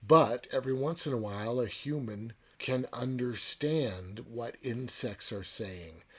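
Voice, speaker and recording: A man's voice: medium pitch, husky. A man casually retelling a short story's plot as a book reviewer, in a loose, chatty way. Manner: loose, chatty retelling with fillers like "right?" and "kinda".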